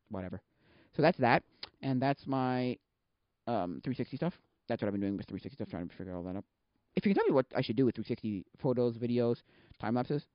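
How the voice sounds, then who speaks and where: A man's voice: lowish voice, dry recording, muffled recording. A man hosting a solo podcast, chatting casually and rambling, often correcting himself and losing his thread. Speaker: podcast host.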